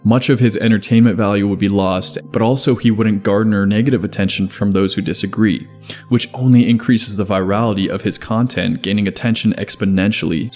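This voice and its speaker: A man narrating a scripted video essay in a measured, even explanatory way. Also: lowish voice. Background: faint background music.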